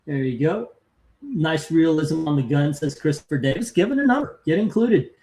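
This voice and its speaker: A man hosts a casual live stream ranking comic covers, chatting and reading out viewer comments and scores. His voice is fairly high with a darkish tone and big pitch swings, at normal speed.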